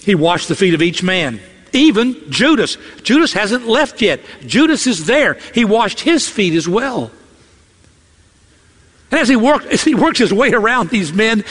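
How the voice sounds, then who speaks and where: A man's voice: high voice, fairly bright tone, big-room sound. A man preaching an expository sermon, emphatic and acting out quoted lines in character.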